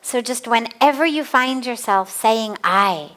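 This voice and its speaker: A woman spiritual teacher giving a calm, deliberate spiritual discourse in an outdoor garden. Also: fairly high pitch.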